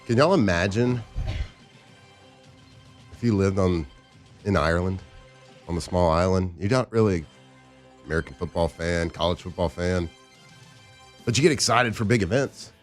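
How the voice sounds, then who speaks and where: A man co-hosting a sports radio show, joking around in a playful, animated way. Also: low voice, moderate pace, pauses often, soft background music. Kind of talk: casual sports talk banter.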